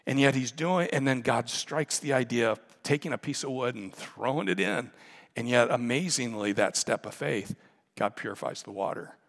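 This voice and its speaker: A man's voice: medium pitch, expressive, moderate pace, creaky. A man preaching a sermon as pastor, earnest and conversational, often restarting his sentences. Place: church sanctuary. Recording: long reverb of a large hall.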